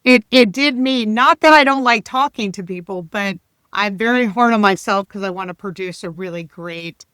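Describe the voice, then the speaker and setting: Woman, 50s, coach guest. Bright, smooth voice, chatty and animated, dry sound. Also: mid-range voice, moderate pace, no room sound. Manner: chatty and animated, with laughs and restarts. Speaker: leadership coach, podcast guest. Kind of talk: casual podcast interview.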